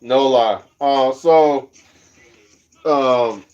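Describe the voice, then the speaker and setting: A man's voice: mid-range voice, drawn-out words, a little mellow, dull audio. A man livestreaming, chatting casually and rambling, chuckling often as he talks.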